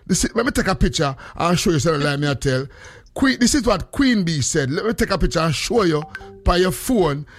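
A man with a Jamaican accent hosting a casual chat, telling stories in an animated way and slipping into patois. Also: sits high, fairly quick, faint music behind. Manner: animated storyteller, mixes in patois.

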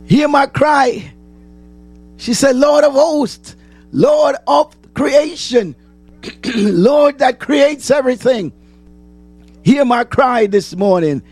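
A man preaching a sermon, asking the congregation questions and answering them, repeating phrases and rising to shouts. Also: very high voice, expressive, slow pace, long pauses, breathy edge, soft background music.

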